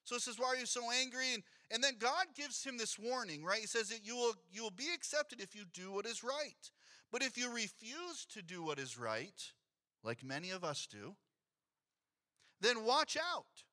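A man's voice: sits high, moderate pace. A man in his thirties preaching a sermon as a pastor, telling a family story and acting out what people said. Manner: storytelling, animated, acts out quotes. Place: church sanctuary.

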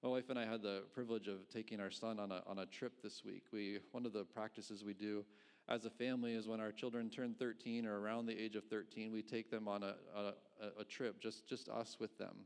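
A man's voice: lowish voice, flat delivery, brisk, smooth. A middle-aged man, a pastor, preaching a conversational sermon, asking rhetorical questions and chuckling between points.

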